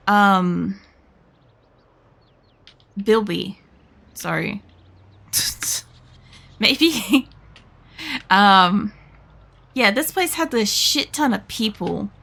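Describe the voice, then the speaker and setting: A woman's voice: medium pitch, drawn-out words, vocal fry, long pauses, fairly bright tone. A young Australian woman streaming a game, rambling through a casual story with lots of fillers and the odd swear word. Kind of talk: casual gaming commentary.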